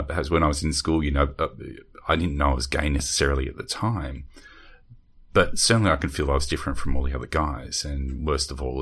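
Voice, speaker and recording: A man interviewing a guest, asking calm, brief questions. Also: extremely low pitch, breathy edge.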